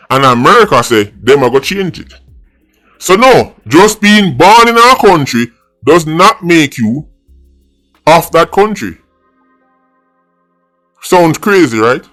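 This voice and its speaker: A man's voice: fairly high pitch, pushed and bright. A middle-aged Jamaican man with a Jamaican accent, giving a blunt, mocking monologue as a political vlogger, mixing patois and English. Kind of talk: opinionated monologue.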